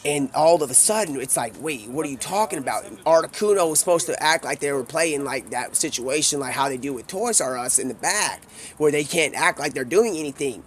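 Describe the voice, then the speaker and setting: A male streamer spins a long improvised tale in loose, slangy speech, jumping between voices for the people he quotes. His voice sits a bit on the high side for a man. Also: lively intonation, slight background noise. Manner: rambling, drawling slang, quick voice switches for quoted characters. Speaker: streamer telling a made-up story. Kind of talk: rambling improvised storytelling. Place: home streaming setup.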